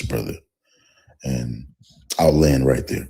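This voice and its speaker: Very deep, slow-talking male caller. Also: darkish tone, low-quality recording. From United States. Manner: slow, deliberate, self-consciously proper speech. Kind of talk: casual live-stream call.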